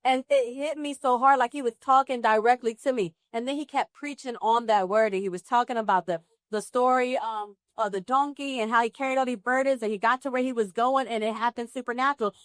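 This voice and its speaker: An animated woman from New Jersey, telling her story as an interview guest with a fairly high, lively voice. She acts out the dialogue as she goes, and her voice sits close and dry on the mic. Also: a little fast, few pauses, no echo. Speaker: guest actress. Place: live pop-up event at a film festival.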